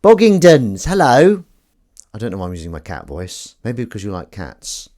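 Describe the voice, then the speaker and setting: A man's voice: deep voice, expressive, fast talker, darkish tone. A man live-streaming, chatting casually and rambling to himself and his viewers with self-mocking asides.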